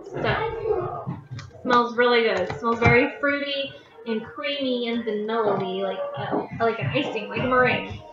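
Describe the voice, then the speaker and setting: A woman's voice: a little high, measured pace, recorded from a distance. A woman chatting casually at home in her kitchen, reading product descriptions aloud and stumbling over some words. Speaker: vlogger reviewing scented wax products. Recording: echoey room, dull lo-fi sound, music behind.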